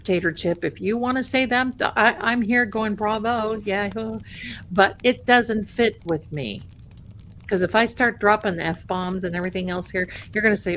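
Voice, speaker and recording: A woman's voice: mid-range voice, slight background noise. A woman hosting a tarot live stream in casual chat, rambling and greeting viewers as "my darling.".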